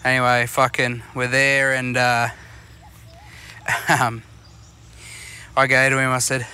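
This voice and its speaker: A man's voice: mid-range voice, monotone, slow, long pauses, pushed and bright, clean tone. A man with an Australian accent co-hosting a podcast, telling rambling anecdotes full of swearing while out on a fishing boat. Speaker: podcast co-host. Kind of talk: casual chat.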